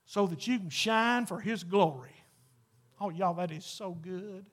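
Man, pastor, sermon, very high-pitched, slow, fervent and emphatic. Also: a bit bright. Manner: fervent, emphatic, builds to exclamations. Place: church sanctuary with congregation.

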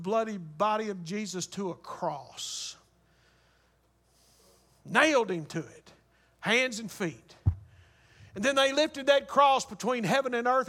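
A man's voice: sits high, pushed and bright. A man preaching a sermon, vivid and graphic, building intensity with repeated rhetorical questions.

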